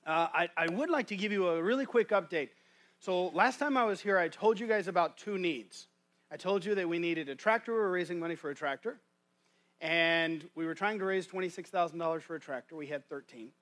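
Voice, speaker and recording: A man preaching a guest sermon in a church, his voice sitting a little high for a man. He talks in a folksy, conversational way, often restarting his sentences. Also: fairly quick, fairly bright tone. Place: church sanctuary.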